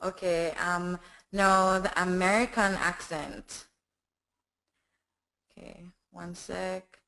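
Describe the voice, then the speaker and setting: A woman with a Jamaican accent, a voiceover artist chatting casually in an interview, talking quickly with tag questions. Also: on the low side, level tone, creaky, pushed and bright, rough recording.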